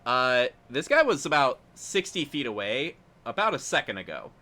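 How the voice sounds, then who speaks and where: A man running a tabletop role-playing game as game master, narrating in a relaxed, rambling way with fillers and chuckles. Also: mid-range voice, moderate pace.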